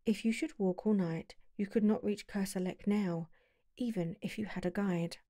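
A woman reading the part of a mysterious young noblewoman falconer, speaking softly and slowly, at times near a whisper. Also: medium pitch, fairly even intonation, no echo, clean studio sound, lightly acted. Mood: dreamy. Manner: soft, slow and dreamy, sometimes whispering.

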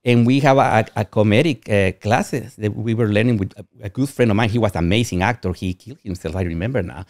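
A man's voice: lowish voice, quick pace, darkish tone, no echo, clean studio sound. A man from Guatemala, a podcast guest telling personal stories in a rambling way and often saying "you know what I mean". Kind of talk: candid personal storytelling.

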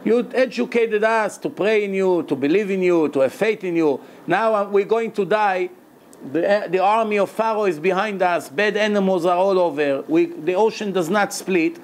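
A man's voice: sits high, normal speed, lightly acted. A man speaking as a biblical prophet in distress, exclaiming and pleading in a raised voice. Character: biblical prophet panicking and crying out to God, man.

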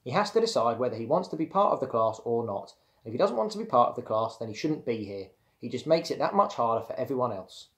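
A man's voice: mid-range voice, sing-song, quick pace, hardly any pauses, close to an everyday voice. A man voicing a firm, cool schoolteacher woman. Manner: firm, matter-of-fact.

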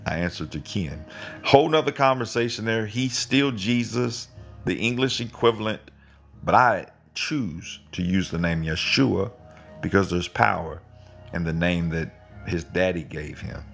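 Gravelly deep-voiced man teaching casually. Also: unhurried, a bit bright, faint music behind. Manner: rambling and repetitive, with emphatic pitch jumps. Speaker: online channel host. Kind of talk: informal live Bible teaching.

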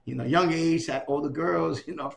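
An older New York City native shares stories in an oral history interview, his voice a little high, gravelly, and at normal speed. He animatedly imitates quoted people, and slight background noise is audible.

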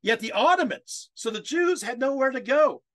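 A man's voice: extremely high pitch, lively intonation, moderate pace, fairly bright tone, dry recording. A man giving a history lecture over a video call, reading quotes aloud and getting choked up with emotion, with many fillers and rhetorical questions.

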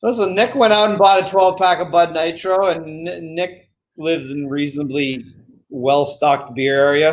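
A man with a notably high voice chats on a podcast. His manner is wry and offhand, telling small anecdotes in a loose, talkative way. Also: a little fast. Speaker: podcast co-host. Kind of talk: casual chat.

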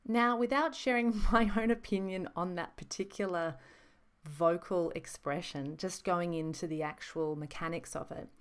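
A woman talks through a lesson on voices, measured and explanatory, often slowing down to stress a point. Her voice is slightly low for a woman. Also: smooth. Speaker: voice instructor. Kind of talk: reflective teaching monologue.

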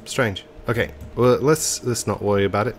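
A man's voice: fairly low pitch, normal speed, a little hiss or hum. A man with a stuffy, congested nose, commentating a video game in a put-on English accent and hesitating with ums and self-corrections. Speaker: let's play host.

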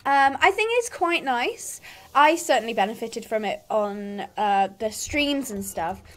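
A woman rambles through casual let's-play commentary for her channel. Her voice is high and light. She chats and giggles as she talks. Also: expressive, measured pace, a bit bright. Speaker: gaming YouTuber.

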